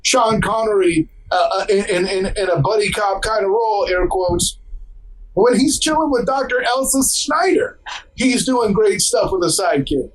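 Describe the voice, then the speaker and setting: A man's voice: high-pitched, moderate pace, a little hiss or hum, poor audio. A man co-hosting a podcast who cracks jokes and teases his co-host in casual chat about movies. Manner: wisecracking, teasing.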